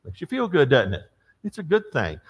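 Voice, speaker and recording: A man's voice: on the high side, a little fast, slightly rough, dull audio. An older man teaching a church Bible class, telling stories and asking the class questions. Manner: storytelling, animated, asks the class questions.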